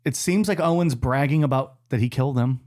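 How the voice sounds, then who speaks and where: A man's voice: mid-range voice, fairly quick, a little mellow. A man co-hosting a casual podcast, asking questions and tossing out theories in an easygoing way. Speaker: podcast co-host.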